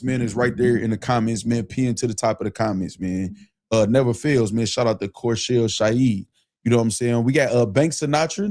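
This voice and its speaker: A man hosting a casual livestream show, talking loosely in slang and reading shout-outs from the chat. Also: medium pitch.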